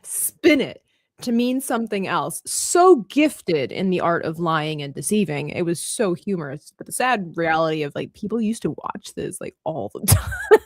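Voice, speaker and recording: A woman's voice: on the low side, moderate pace, dry recording, studio quality. A woman hosting an art livestream, chatting casually while she draws, telling stories with lots of laughter. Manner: animated storyteller who laughs often.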